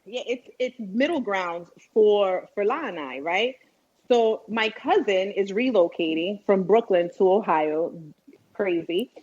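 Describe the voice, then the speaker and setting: A young woman, co-hosting a podcast and telling stories in animated, slangy casual chat. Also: medium pitch, measured pace, slightly rough. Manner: animated storyteller, slangy, swears freely. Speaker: podcast co-host. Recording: dull lo-fi podcast audio.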